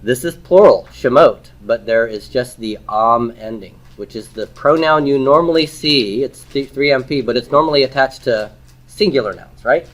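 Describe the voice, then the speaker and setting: A man's voice: medium pitch, moderate pace. A man teaching a Hebrew grammar lesson, explaining step by step, asking questions and then answering them himself, and checking in with "okay?" and "right?". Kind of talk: recorded classroom lecture.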